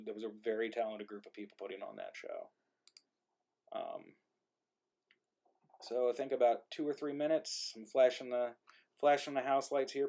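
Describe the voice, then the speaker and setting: A man with a mid-range, darkish voice, the playwright hosting an online play reading, chats casually over a video call mic. His talk is full of ums and self-deprecating laughs.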